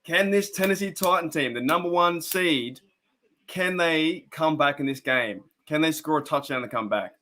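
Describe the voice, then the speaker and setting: A man's voice: fairly high pitch, normal speed, bright, forceful tone. A young Australian man hosting a casual fan live stream, chatting rambly with viewers and commenting on a game. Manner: rambling, chatty, laughs often, greets viewers by name.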